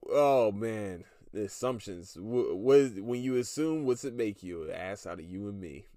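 A man's voice: fairly low pitch, animated, moderate pace, dark tone, dry recording. A man in his thirties hosting a solo podcast, ranting with heavy profanity and breaking into laughter. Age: 30s. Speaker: podcast host.

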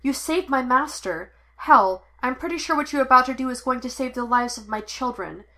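A woman's voice: mid-range voice, measured pace, lightly acted. A woman reading the lines of an earnest young man who is a Jedi, raised and urgent. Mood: urgent pleading.

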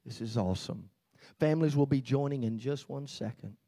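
A man's voice: medium pitch, dark tone. Solemn male pastor leading a dedication. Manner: solemn, measured, with emphatic rises on pledges. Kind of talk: church child dedication sermon. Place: church sanctuary.

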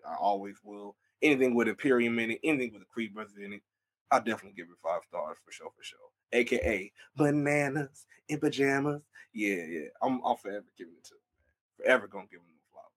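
A young man hosting a casual wrestling recap, excitable and animated, often repeating his words. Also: medium pitch.

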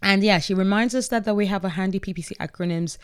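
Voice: mid-range voice, fast, clean tone. A podcast host recapping an online chat in a casual, upbeat way, reading out posts from participants with frequent laughs and self-corrections.

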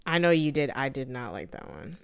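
A woman's voice: very deep voice, sing-song, brisk, vocal fry, clean tone, dry recording, studio quality. A woman co-hosting a podcast, chatting playfully and expressively about a movie. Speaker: podcast co-host. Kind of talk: casual chat movie review.

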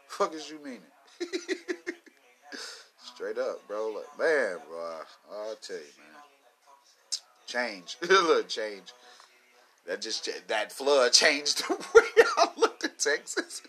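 A man's voice: mid-range voice, sharp tone. A man hosting a casual solo podcast, rambling and swearing a lot and often breaking into laughs. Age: adult. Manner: rambling, profane, laughs between lines. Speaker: podcast host.

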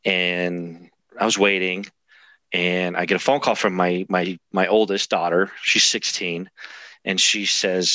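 A man's voice: low-pitched, level tone, unhurried, sharp tone, no room sound. A man in his thirties, a podcast guest, telling a personal story in a candid, self-deprecating way with frequent laughs. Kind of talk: storytelling in conversation.

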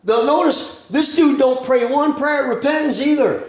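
High-voiced folksy preacher. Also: male voice, roomy sound. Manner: folksy, plainspoken preaching with slang and quick asides. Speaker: pastor. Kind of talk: sermon.

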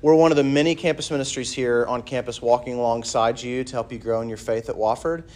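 A man in his thirties, a campus minister preaching a conversational sermon to students with animated storytelling and light humor. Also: medium pitch, fast.

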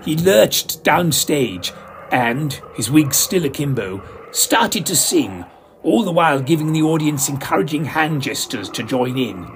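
A man's voice: a little high, big pitch swings, unhurried, a little hiss or hum. A man narrating a comic mystery in a theatrical, camp manner. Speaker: storyteller.

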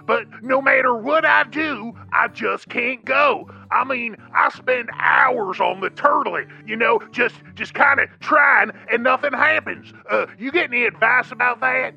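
A man's voice: very high voice, a little slow, gravelly, hardly any pauses, sharp tone, breathy edge, highs cut off, soft background music, exaggerated voice. A man voicing a goofy, hesitant caller with an embarrassing question. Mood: awkward. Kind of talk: comedy radio call-in sketch.

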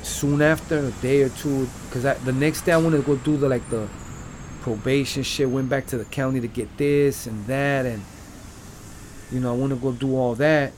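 A man's voice: medium pitch, steady tone, moderate pace, a little mellow, slight background noise. A man, telling his own story in loose, rambling slang full of "like" and "you know". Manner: profane street slang. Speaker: podcast guest telling his life story. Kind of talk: casual storytelling.

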